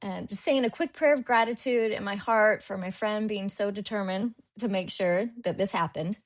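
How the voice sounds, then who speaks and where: A woman's voice: mid-range voice, normal speed. A young woman in her twenties telling a personal story as a guest on a podcast interview, acting out her past thoughts as she goes.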